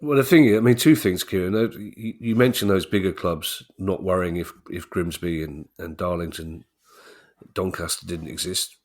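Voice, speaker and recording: Low-voiced chatty male podcast host. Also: normal speed, darkish tone. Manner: chatty and jokey, with frequent restarts. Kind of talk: casual chat.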